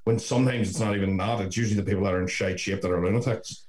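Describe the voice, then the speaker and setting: A man's voice: on the low side, steady tone, rapid-fire, a little mellow, reverberant. A man co-hosting a podcast in casual chat, telling rambling, sweary stories full of "like". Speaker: podcast co-host.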